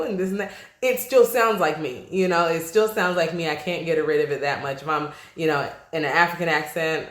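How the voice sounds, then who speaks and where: A woman's voice: on the low side, brisk, a bit bright. Chatty woman podcaster in an echoey room. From Nigerian, raised on the US East Coast. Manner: chatty, laughs often, asks listeners "okay?". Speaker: podcast host. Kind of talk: casual solo podcast talk.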